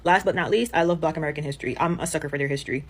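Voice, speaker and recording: A woman's voice: deep voice, rapid-fire. A woman from Jamaica chatting casually and affectionately, with lots of "like" fillers. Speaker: commentator. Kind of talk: casual opinion chat.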